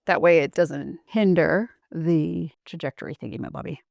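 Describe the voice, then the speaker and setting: A woman's voice: low voice, moderate pace, vocal fry, darkish tone. A woman hosting a casual craft vlog, talking in a playful, self-mocking way. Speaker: channel host.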